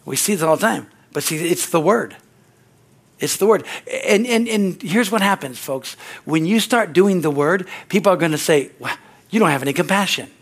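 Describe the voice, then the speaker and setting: A male pastor preaching a sermon, telling stories and repeating phrases as he builds to excited preaching. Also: high voice, normal speed.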